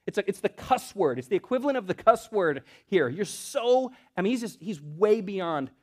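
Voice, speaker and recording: Animated high-voiced Southern preacher. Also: male voice, normal speed. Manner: animated, swings from loud bursts to hushed asides. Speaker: pastor. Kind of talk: sermon.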